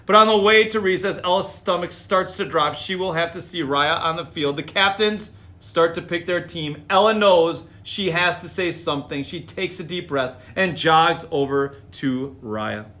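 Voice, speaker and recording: A man reading picture books aloud on a live stream, with animated, chatty asides. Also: a little high, normal speed, few pauses. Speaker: storytime reader.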